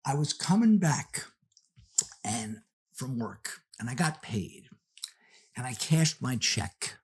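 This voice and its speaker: A man hosting a podcast, telling a story in a casual, animated way and acting out the characters. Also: mid-range voice, takes it slowly, slightly rough. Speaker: podcast host.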